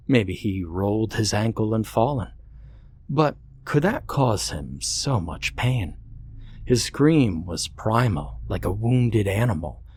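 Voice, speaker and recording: A man narrating a horror story in a measured, suspenseful way. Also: fairly low pitch, darkish tone, husky.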